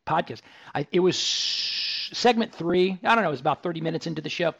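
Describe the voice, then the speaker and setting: A man's voice: on the high side, expressive, fairly quick, creaky, a bit bright, husky, lo-fi sound. A man hosting a live tech radio show on location from a store, chatting enthusiastically with tangents and restarts. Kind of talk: live radio talk broadcast.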